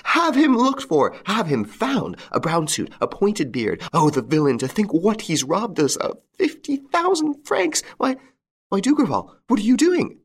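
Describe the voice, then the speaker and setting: A woman's voice: mid-range voice, huge pitch swings, a little slow, slightly rough, voice pushed up, exaggerated voice. A man reading aloud voices a frantic wife who screams after her husband is robbed. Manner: screaming, hysterical. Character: shrieking frantic middle-class wife, robbed.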